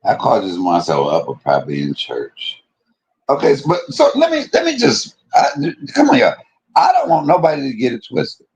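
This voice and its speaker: A streamer rants to his viewers, his voice rough and a little husky. He talks confrontationally, swears constantly, and his pitch rises and falls a lot as he hammers his points again and again. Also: very animated, moderate pace, darkish tone. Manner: profane, confrontational, repeats himself. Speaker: live streamer. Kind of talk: heated livestream rant.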